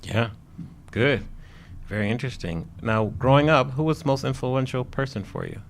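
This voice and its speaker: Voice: mid-range voice, normal speed. Upbeat interview host with light background noise. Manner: upbeat, laughs along, loose phrasing. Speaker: podcast host. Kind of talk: casual interview.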